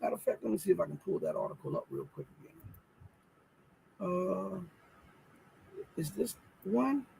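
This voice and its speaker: A man's voice: sits high, animated, normal speed, creaky, pauses often, darkish tone, slightly rough, poor audio. A man hosting a live news commentary show, emphatic and full of rhetorical questions, thinking aloud as he pulls up and reads articles. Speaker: host.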